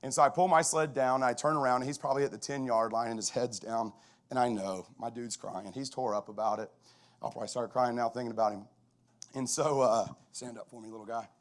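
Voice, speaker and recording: Man, middle-aged, football coach, chapel talk, animated storytelling, medium pitch. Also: quick pace. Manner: animated, conversational storytelling with frequent restarts.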